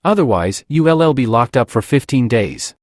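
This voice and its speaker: A man's voice: medium pitch, expressive, unhurried, no room sound, studio quality, close to an everyday voice. A man voicing a brash young female demi-human guard who is eager for a fight. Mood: fierce.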